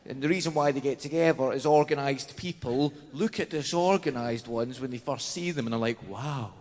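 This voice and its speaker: A man's voice: mid-range voice, fairly quick, a little mellow. A Scottish man doing a chatty, self-mocking stand-up set on a large theatre stage. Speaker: stand-up comedian. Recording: theatre stage reverb, faint noise.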